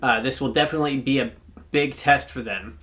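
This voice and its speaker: A man's voice: mid-range voice, brisk, a bit bright. Rambling man chatting football. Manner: rambling, many fillers and restarts. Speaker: podcast co-host. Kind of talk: casual sports chat.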